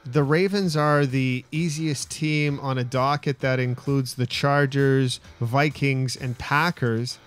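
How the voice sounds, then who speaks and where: A man co-hosting a sports talk show, making quick wisecracking asides in casual banter. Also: medium pitch, fairly even intonation, smooth, faint music behind. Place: radio studio.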